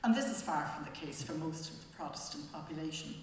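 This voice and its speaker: Wexford Irish woman, lowish voice, panel talk, wry and hesitant, very echoey hall. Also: lively intonation, fast. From Wexford, Ireland. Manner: conversational and wry, with frequent hesitations. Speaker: panel speaker presenting a book. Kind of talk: public talk. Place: library event hall. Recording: very echoey hall, faint noise.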